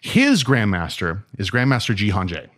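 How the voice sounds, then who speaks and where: A man telling martial arts stories in a casual, animated way, acting out dialogue and often asking "right?". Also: lowish voice, normal speed. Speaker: martial arts instructor and guest. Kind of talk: casual storytelling.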